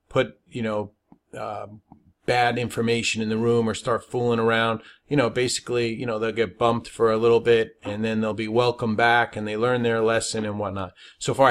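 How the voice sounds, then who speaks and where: A man teaching stock trading in a webinar, talking emphatically and checking in with "all right?" after his points. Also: on the low side. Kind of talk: webinar presentation.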